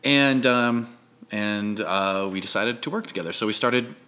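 A man hosting a casual chat, telling stories in an animated way and acting out quoted lines. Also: measured pace. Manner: animated storyteller, acts out quotes with big pitch jumps. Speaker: host.

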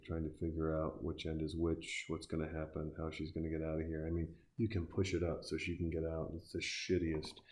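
A man's voice: rumbling low, a little mellow. A man giving casual, sarcastic and profane reaction commentary, talking back at the screen as he watches.

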